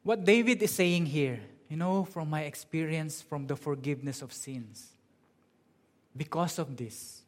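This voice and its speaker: A man preaching a sermon in an earnest way, drawing out key words slowly for emphasis. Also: a little high. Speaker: pastor.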